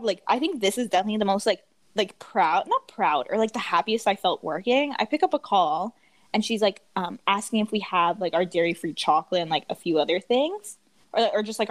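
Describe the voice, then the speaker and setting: A woman's voice: medium pitch, no room sound. A young woman co-hosting a podcast, chatting casually and acting out customers in quoted voices, with lots of "like" fillers. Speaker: podcast co-host. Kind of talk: casual chat.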